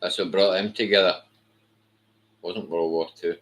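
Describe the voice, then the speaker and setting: Male, deep and unhurried, sharp-edged, sweary scornful ranter. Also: steady tone, low-quality recording. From Britain. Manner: blunt, heavily profane, scornful. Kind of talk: ranting monologue.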